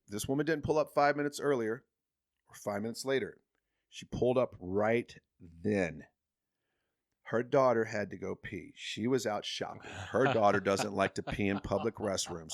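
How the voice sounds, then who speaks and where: A man telling a personal story as a guest on a podcast, animated, jumping from loud emphasis to hushed asides. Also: lowish voice. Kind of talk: casual storytelling.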